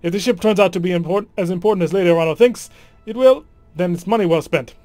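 A man's voice: high voice, fast talker, a little mellow, no room sound, faint music behind, lightly acted. A man doing a chatty woman engineer with a shaky accent. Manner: attempted accent, awkward. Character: proud, chatty female ship engineer.

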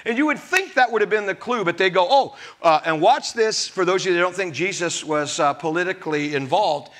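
A man's voice: high voice, fairly quick, a bit bright. A middle-aged male pastor preaching a sermon to his congregation, laughing often and acting out voices from scripture.

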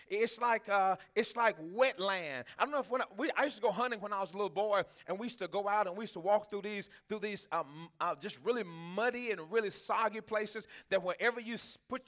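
A man's voice: high voice, sharp tone. A man preaching a sermon as pastor, talking conversationally, asking the congregation questions and laughing often. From Texas.

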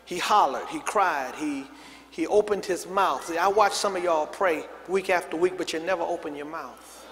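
A man preaching as pastor speaks at a moderate pace in a slightly high, fairly bright voice, with slight background noise. He draws the congregation into call-and-response, having them repeat and answer his words, and the big sanctuary adds a long hall reverb.

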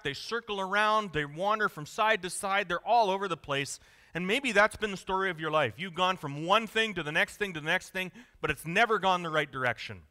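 A pastor delivers a sermon in an easy, joking, emphatic way. His voice sits a little high and sounds bright and forceful. Long reverb from the church hall trails each phrase.

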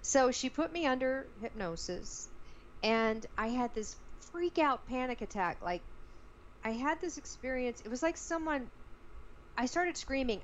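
A woman guest, an actress, tells a personal story in an interview in a lively, expressive way. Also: high-pitched, a little slow, highs cut off, a little hiss or hum.

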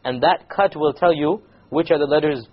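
Husky male teacher, patient and repetitive. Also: on the high side, muffled recording. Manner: patient, repetitive, quizzes the class; slowly demonstrates recited words. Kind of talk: classroom recitation lesson.

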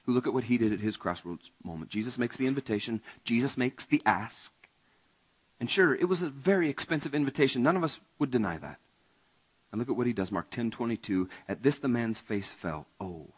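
A male pastor delivering a conversational sermon, often asking the congregation questions and swinging between raised emphasis and quiet asides. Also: mid-range voice, animated, a little fast, breathy edge, rough recording. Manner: conversational, asks the audience questions.

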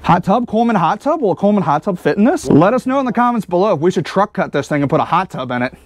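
Man, high voice, swooping and animated, joking vlog host, outdoors. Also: racing, no echo. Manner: excitable, joking, wisecracking. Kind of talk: casual vlog narration.

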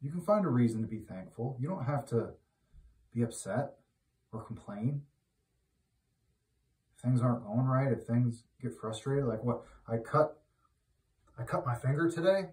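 A man giving an informal, conversational sermon who grows loud and emphatic when he exhorts. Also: medium pitch, lively intonation, normal speed, long pauses. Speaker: preacher. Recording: roomy echo, mic at a distance.

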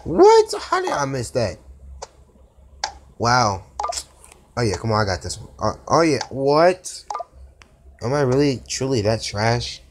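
A man talks through mobile gameplay, quick to exclaim and groan at every try. The phone recording has clear background noise and tapping clicks. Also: mid-range voice. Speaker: gaming YouTuber. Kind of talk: casual mobile gameplay commentary.

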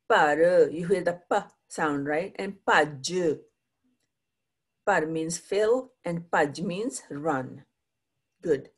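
A woman teacher leads a pronunciation lesson in a low, slightly husky voice. She models each sound, has students repeat it, and keeps checking understanding with a quick "right?". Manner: patient, drills pronunciation with repeat-after-me prompts. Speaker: Punjabi language teacher. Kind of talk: classroom language lesson.

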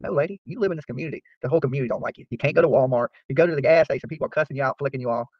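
Fast-talking profane man ranting. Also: mid-range voice, no room sound. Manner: profane, boastful, trash-talking. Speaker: YouTube channel host. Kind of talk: casual rant to viewers. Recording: dry, slightly dull lo-fi sound.

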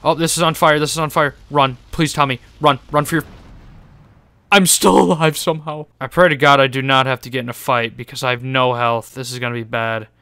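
A young man talking excitedly over his gameplay, joking sarcastically, swearing and laughing often. His voice is bright and forceful, with a crisp, clean tone. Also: medium pitch, brisk, dry recording. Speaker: gaming YouTuber. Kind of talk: gaming commentary.

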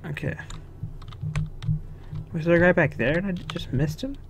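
A man's voice: fairly high pitch, moderate pace, creaky, a little hiss or hum. Swearing young man narrating his gameplay. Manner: swearing, chuckling, talking to himself. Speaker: gaming video host. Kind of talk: casual let's-play commentary.

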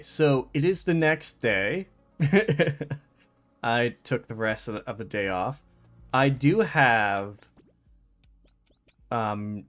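A man giving casual let's play commentary as he plays, talking to himself with frustrated outbursts and exclamations. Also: mid-range voice. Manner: frustrated, exclamatory, talks to himself while playing. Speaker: gaming channel host.

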